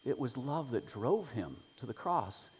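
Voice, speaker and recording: A man preaching an Easter sermon, moving between soft prayer and loud, emphatic points. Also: mid-range voice, big pitch swings, unhurried, breathy edge. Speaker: pastor. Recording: long reverb from a large room.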